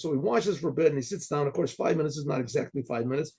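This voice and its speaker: A man, a rabbi, telling a story with frequent throat clearing and repeated words. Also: on the high side, fast, mellow.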